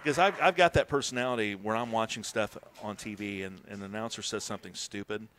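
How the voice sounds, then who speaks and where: A man casually commentating a golf video game stream, joking, swearing and bursting into excited shouts. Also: lowish voice, fast.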